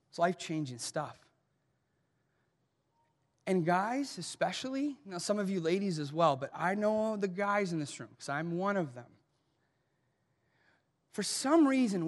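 Male pastor, American accent, high voice, preaching in an echoing church hall, loud then hushed. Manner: emphatic, swings from loud urgency to soft hushed tones. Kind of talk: sermon. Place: large church auditorium. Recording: long hall reverb.

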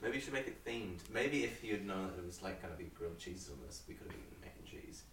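A man who is a guest on a podcast, chatting casually in an animated, insistent way. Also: low-pitched, fast talker. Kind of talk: casual chat. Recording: distant roomy mic with faint noise.

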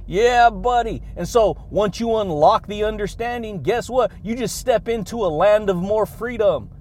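Male podcast host, high-pitched, exuberant motivational delivery full of laughs and catchphrases. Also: a little mellow, a little hiss or hum. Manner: exuberant, laughs between phrases, drawn-out catchphrases.

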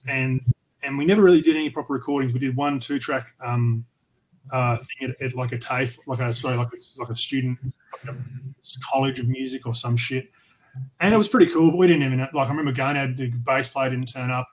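A man's voice: mid-range voice, fairly even intonation, a little fast, low-quality recording. An Australian man from Tasmania, a metal vocalist who is a podcast guest, telling rambling, profane stories with many restarts. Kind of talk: casual storytelling interview.

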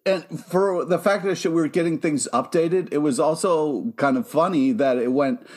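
A man co-hosting a casual podcast chat, excitable, with lots of profanity and easy exasperation. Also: a little high, moderate pace. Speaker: podcast co-host.

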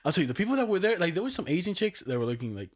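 A man's voice: high-pitched, big pitch swings, very fast. Laid-back young man telling stories. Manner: laid-back storytelling, heavy slang, laughs often. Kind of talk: casual chat.

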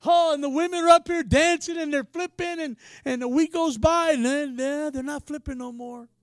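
A male preacher with a strikingly high voice delivers a passionate, casual sermon, dropping to near-whispers and rising to shouts. The sound is close and dry, with almost no room echo. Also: normal speed. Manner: passionate, swings from quiet to shouting; casual, says "man" often.

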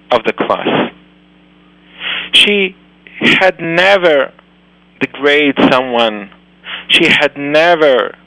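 A man, a rabbi telling a moral story in halting, phrasing. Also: medium pitch, bright, forceful tone, no room sound, rough recording. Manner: slow, halting non-native phrasing. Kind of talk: storytelling lecture.

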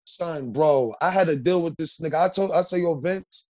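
A man's voice: on the high side, normal speed. A young man co-hosting a podcast, telling profane, slang-heavy stories in a casual chat. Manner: loud, profane storytelling with lots of slang. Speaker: podcast co-host.

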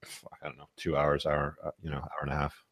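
A man's voice: rumbling low, monotone, fast, fairly bright tone, breathy edge, no room sound, studio quality. A man born in England, a guest on a casual chat, blunt and plain-spoken with casual swearing.

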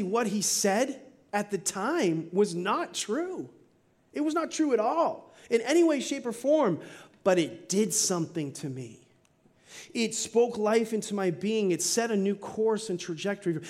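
A middle-aged man with a fairly high voice preaches a sermon in church. He talks earnestly, drawing out key phrases slowly, then rushing through asides to the congregation. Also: a little mellow. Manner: earnest, preaching with slow emphatic stretches and quick asides. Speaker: pastor. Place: church sanctuary.

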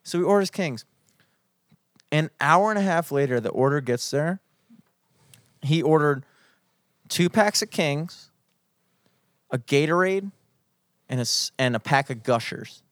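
A young man spins a story in a loose, profane chat, his voice pitched a touch high and full of mock outrage. The sound is close and dry, with no room around it. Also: expressive, unhurried, long pauses, dry recording.

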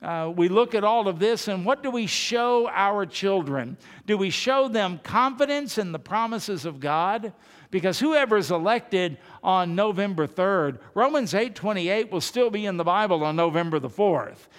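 High-voiced preacher in a reverberant hall. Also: male voice, lively intonation, normal speed. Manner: earnest preaching with repeated emphatic phrases. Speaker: pastor. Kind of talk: sermon. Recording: long reverb of a large hall.

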